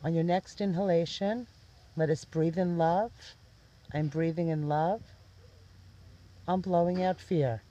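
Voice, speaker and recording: A man leading a guided meditation, giving soft, gentle step-by-step instructions. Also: fairly high pitch, fairly even intonation, measured pace, pauses often, highs cut off. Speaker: meditation teacher.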